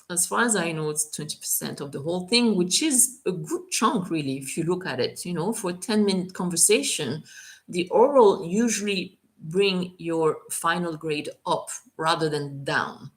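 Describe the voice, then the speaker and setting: A woman French teacher in a live question-and-answer session, chatty and relaxed, with many fillers and carefully spoken French examples. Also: fairly low pitch.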